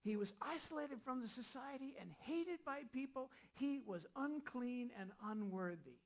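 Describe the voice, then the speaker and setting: A woman's voice: high-pitched, lively intonation, moderate pace, lo-fi sound. A woman preaching a sermon in a conversational way, often repeating her phrases and adding humorous asides.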